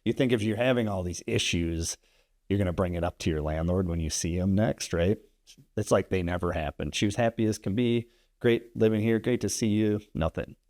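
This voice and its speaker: A man's voice: sits low, a little fast, darkish tone, no echo, clean studio sound. A man, a landlord and investor guest, telling a story in casual podcast chat, rambling and tagging sentences with "right?".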